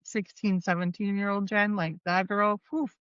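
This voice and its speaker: A woman's voice: mid-range voice, level tone, normal speed, smooth, dry recording, muffled recording. A woman speaking as a podcast guest in an earnest, casual chat, with lots of "like" and "you know what I mean".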